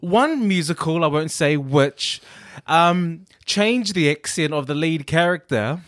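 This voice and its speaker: A man co-hosting a casual chat podcast, playful and teasing, often jumping into high mock voices. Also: animated, measured pace, a bit bright, no room sound, studio quality. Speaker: podcast co-host.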